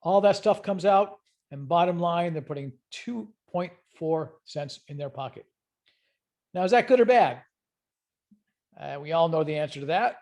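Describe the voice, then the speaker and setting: A middle-aged man teaching an online accounting class, voice pitched somewhat high for a man. He explains step by step in an easygoing, conversational manner and keeps putting questions to his students. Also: lively intonation, moderate pace, creaky, a little mellow. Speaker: accounting instructor. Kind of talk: online lecture.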